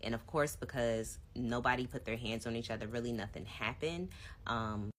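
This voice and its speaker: Low-voiced woman telling a story. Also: moderate pace, a little hiss or hum. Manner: animated storytelling, acts out both sides of arguments; casual, addresses viewers directly. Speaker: vlogger. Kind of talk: storytime vlog.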